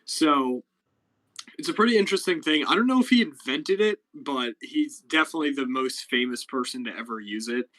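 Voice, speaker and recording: A man's voice: mid-range voice, lively intonation, brisk, a bit bright, poor audio. A young man hosting a casual live stream chat, explaining things with lots of fillers and restarts. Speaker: podcast host.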